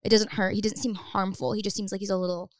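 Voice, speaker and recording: Fast-talking young woman telling a story. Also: medium pitch, flat delivery, no room sound, studio quality. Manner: fast, lots of "like", acts out quotes. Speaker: guest. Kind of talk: casual storytelling chat.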